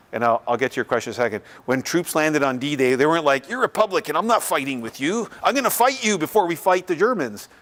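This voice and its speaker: A man's voice: mid-range voice, a bit bright. A man from Canada, giving a casual, conversational lecture and taking questions in a lecture room. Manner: conversational, loose, acts out others' voices. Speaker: visiting artist giving a lecture.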